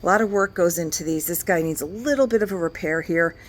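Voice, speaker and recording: This is a fast-talking woman with a fairly low pitch, casually making her way through her own big antique shop. She chats about the goods on offer and figures out reductions out loud.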